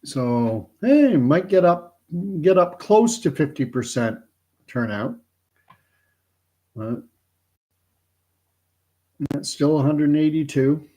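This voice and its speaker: A man's voice: a little high, lively intonation, takes it slowly, long pauses, mellow. A man from Canada hosting a casual live stream, chatty and joking, thinking aloud as he follows a count. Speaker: host.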